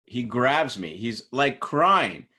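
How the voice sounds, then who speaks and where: A man's voice: mid-range voice, slow. A middle-aged man teaching a class in a casual lecture style, telling workplace stories and acting out the people in them. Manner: animated storytelling, acts out quoted people. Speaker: instructor. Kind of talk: informal lecture with anecdotes.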